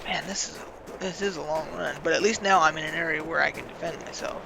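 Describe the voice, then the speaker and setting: A man with a gravelly, slightly high voice rambles through gameplay stories in a loose, profane, animated way. He sounds like a host chatting while he plays. A steady hiss of noise sits under the recording. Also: fast talker. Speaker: gaming channel host. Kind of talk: casual gameplay commentary with stories.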